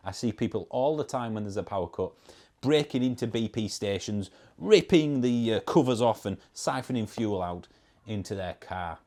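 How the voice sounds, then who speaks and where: A man with a Yorkshire accent, talking on his own channel in a relaxed, chatty way. His voice sits a little low, and his replies are dry and mocking. He reads comments aloud and pokes fun at them. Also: moderate pace. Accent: Yorkshire English. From Yorkshire, England. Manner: wry, sarcastic, reads out comments. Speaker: electric car reviewer. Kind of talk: casual vlog commentary.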